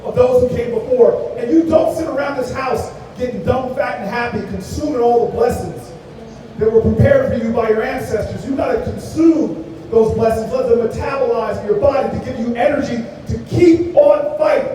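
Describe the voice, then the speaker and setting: A man's voice: very high voice, moderate pace, warm tone, slight background noise. Stern lecturing father, as a man quotes him. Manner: pointed, sermon-like. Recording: echoey hall from far off.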